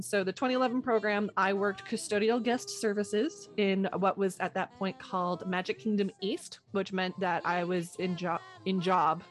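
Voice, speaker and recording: A woman, co-hosting a podcast in casual chat, self-mocking and acting out quoted voices. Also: medium pitch. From Canada. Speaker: podcast co-host.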